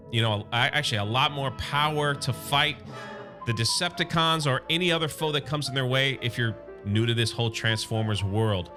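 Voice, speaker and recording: A man giving a casual, chatty comic book recap as a YouTuber, telling the story in a slangy, animated way. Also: mid-range voice.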